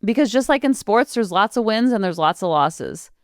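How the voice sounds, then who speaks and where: Chatty mom podcaster in her 40s, smooth voice, dry close mic, rattles off long lists. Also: medium pitch, lively intonation, moderate pace, no room sound. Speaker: parenting podcast host. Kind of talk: casual solo podcast talk.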